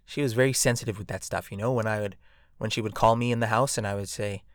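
A man's voice: lowish voice, fairly even intonation, fast, no echo, studio quality. A man hosting a podcast alone, rambling and joking with lots of fillers and tag questions. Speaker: podcast host. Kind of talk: casual podcast monologue.

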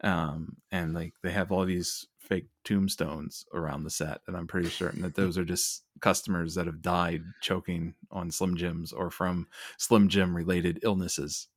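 A man's voice: deep voice, level tone, unhurried, hardly any pauses, no room sound. A man co-hosting a podcast in casual chat, with wry, dry humor. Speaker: podcast co-host.

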